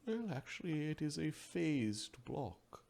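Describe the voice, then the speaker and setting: A man voicing an ancient male oracle trapped in a temple, calm and unconcerned, speaking measured and low. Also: vocal fry, exaggerated voice. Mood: calm, cryptic.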